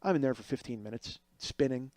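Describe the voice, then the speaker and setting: A man's voice: mid-range voice, a little fast, a little mellow, dry recording. A middle-aged man telling a comic story as a podcast host, acting out other people's voices as he goes.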